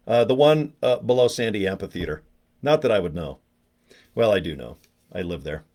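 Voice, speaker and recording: In a very noisy clip, a man with a fairly low, animated voice at normal speed runs a casual product-promoting live stream. He rambles and jokes, teasing himself and chatting with viewers by name.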